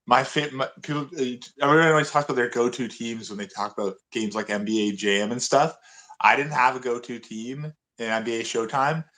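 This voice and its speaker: A man's voice: medium pitch, steady tone, a little fast, bright, forceful tone. Easygoing chatty podcast guy. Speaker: podcast co-host. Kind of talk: casual gaming chat.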